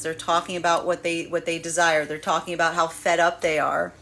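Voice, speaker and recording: A woman's voice: on the low side, fairly even intonation, a little fast, hardly any pauses, a bit bright. A woman giving a tarot reading in a rambling way, repeating words and laughing often. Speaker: tarot reader. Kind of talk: live tarot reading monologue.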